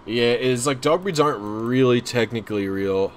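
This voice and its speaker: A man's voice: medium pitch, moderate pace, slight background noise. A young man chatting casually on a livestream, rambling and self-deprecating as he talks to viewers. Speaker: streamer.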